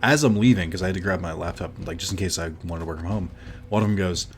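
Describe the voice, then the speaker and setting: A man with a very deep voice tells a story casually while he plays a game. He rambles, stops to correct himself, and fills the gaps with ums. Faint music runs underneath. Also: fast. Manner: rambling, full of fillers and self-corrections. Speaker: streamer.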